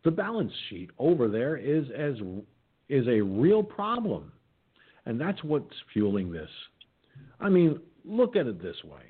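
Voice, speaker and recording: A man's voice: medium pitch, wildly swooping pitch, measured pace, husky. A male show host reading news stories aloud and mocking them with sarcastic, swearing asides, yawning and stumbling as he goes. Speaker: internet radio show host. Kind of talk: casual reading and commenting on news. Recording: tinny phone-line sound.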